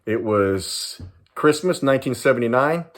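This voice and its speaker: A man in his sixties from Southern California, a retired police sergeant and private investigator, telling a personal story to camera in an animated, dramatic way. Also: mid-range voice, moderate pace. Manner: animated, dramatic storyteller who acts out voices and laughs.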